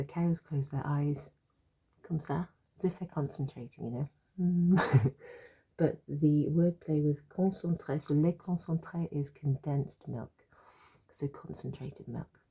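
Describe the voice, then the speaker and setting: A woman with a sore throat, teaching French by patiently explaining silly jokes and repeating each word slowly. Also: deep voice, dark tone, slightly rough.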